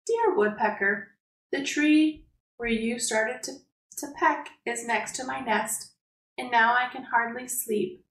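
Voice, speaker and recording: A woman's voice: fairly high pitch, slow pace, fairly bright tone, echoey room. Woman reading as a sleepless storybook dormouse. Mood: pleading. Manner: reads the letter aloud.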